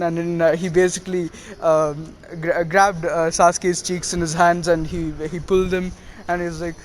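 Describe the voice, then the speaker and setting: A man's voice: a little high, level tone, moderate pace, slight background noise. A young man casually retelling a fan story, rambling with lots of fillers and little laughs.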